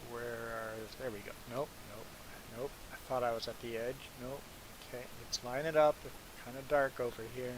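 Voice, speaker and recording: A man's voice: mid-range voice, flat delivery, normal speed, noisy background. A man whose first language is not English, streaming a farming game and chatting casually and rambling to viewers. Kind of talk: casual chat while gaming.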